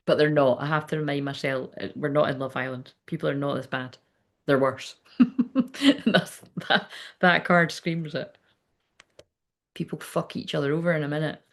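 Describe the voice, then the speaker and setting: A woman's voice: low voice, steady tone, normal speed, long pauses, a bit bright. A woman medium chatting casually during a live reading, rambling, laughing often and swearing freely. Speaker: psychic medium.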